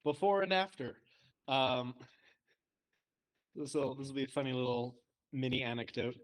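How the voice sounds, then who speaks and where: A man's voice: mid-range voice, normal speed. A young man chatting casually on a podcast, telling self-deprecating stories and laughing often. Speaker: co-host, trainee.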